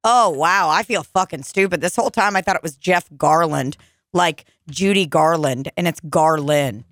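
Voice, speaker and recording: A young woman hosts a podcast, chatting casually in a low-sitting, slightly bright voice at normal speed. She swears often and laughs as she rambles through her stories, and the audio is studio quality with no echo.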